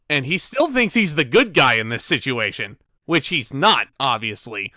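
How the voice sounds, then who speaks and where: A man's voice: mid-range voice, sing-song, moderate pace, hardly any pauses, sharp tone, no echo. A man cohosting a podcast, giving opinionated takes on a wrestling show, full of ums. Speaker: guest cohost. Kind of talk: casual wrestling review chat.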